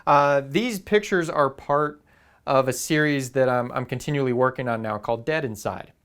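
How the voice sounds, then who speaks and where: A man's voice: medium pitch, moderate pace, fairly bright tone, clean tone. Easygoing man rambling to camera. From Southern California. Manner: rambling, filler-heavy, easygoing. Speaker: photography YouTuber. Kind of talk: casual vlog talk to camera.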